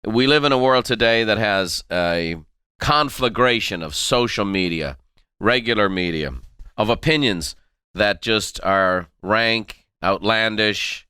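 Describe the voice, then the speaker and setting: A man's voice: lowish voice, unhurried, bright, forceful tone, smooth, dry recording, studio quality. A middle-aged man from Ireland, hosting a motivational podcast and driving home key phrases by repeating them. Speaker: podcast host and motivational speaker. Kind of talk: motivational monologue.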